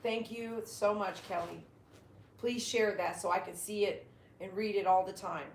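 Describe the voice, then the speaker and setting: A woman's voice: medium pitch, fairly even intonation, measured pace, reverberant, slight background noise. A woman hosting a casual livestream from home. She chats to her dogs and reads viewer comments aloud. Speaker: dog groomer and livestream host.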